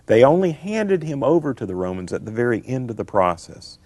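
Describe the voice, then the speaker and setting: A man's voice: mid-range voice, sing-song, fairly quick, a little mellow, no room sound. A middle-aged man, a scholar answering interview questions in an emphatic, lecturing way, repeating his key phrases. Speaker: guest scholar.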